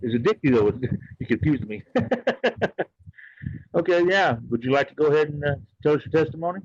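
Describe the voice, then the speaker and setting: A man's voice: a little high, animated, brisk, no room sound, dull audio. A man hosting a casual livestream, talking in an earnest, rambling, heartfelt way. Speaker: livestream host.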